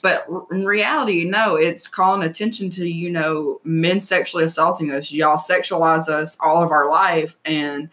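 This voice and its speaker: A woman's voice: low voice, steady tone, moderate pace, few pauses, a bit bright. A young woman co-hosting a podcast in casual chat, a mother who talks frankly in long run-on thoughts. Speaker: co-host.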